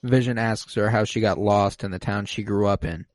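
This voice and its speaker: A man co-hosting a casual podcast, animatedly retelling scenes and jumping into high voices for the quotes. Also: fairly even intonation, normal speed, no echo. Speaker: podcast co-host recapping a TV episode. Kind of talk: casual chat.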